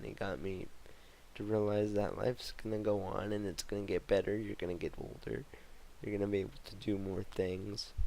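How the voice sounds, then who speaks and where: A young man telling his life story in a vlog, halting and emotional with many fillers and restarts. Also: low voice, creaky, darkish tone, slight background noise, low-quality recording. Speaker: vlogger telling his memoir. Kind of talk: personal memoir vlog.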